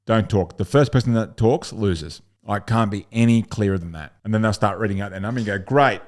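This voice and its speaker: A man's voice: lowish voice, fairly quick, a little mellow. A man coaching gym owners on a sales script, blunt and swearing casually as he acts out calls.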